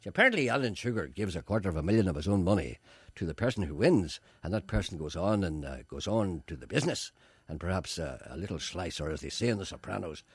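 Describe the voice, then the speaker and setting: A man's voice: deep voice, lively intonation, fast talker, slightly rough, no echo. A man presenting a comic radio show in a sardonic, rambling, mock-grandiose way. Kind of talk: comic radio monologue and banter.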